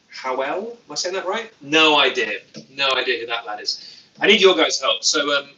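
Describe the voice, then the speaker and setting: British guy on a phone livestream, super bright sharp voice, echoey room a bit off the mic. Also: medium pitch, recorded from a distance, slight background noise. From Britain. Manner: dry, self-mocking, reads chat aloud. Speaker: YouTube host. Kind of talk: casual livestream chat.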